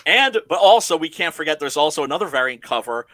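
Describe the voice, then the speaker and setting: An excitable man co-hosting a podcast, gushing in loose casual chat. His voice sits high and rings bright. It is recorded dry and close. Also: fast, no room sound. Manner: excitable, swears a lot, repeats words. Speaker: podcast co-host.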